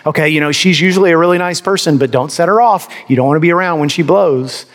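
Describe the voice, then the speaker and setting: Pastor preaching in an echoing hall. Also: male voice, fairly high pitch, quick pace. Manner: animated, rhetorical questions, mock voices. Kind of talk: sermon. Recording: long reverb of a large hall.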